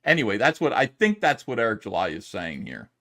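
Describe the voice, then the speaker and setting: A man's voice: fairly low pitch, huge pitch swings, fairly quick, a bit bright. A middle-aged man streaming commentary, ranting with profanity and lots of fillers. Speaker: streamer reacting to a video. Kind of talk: casual livestream commentary.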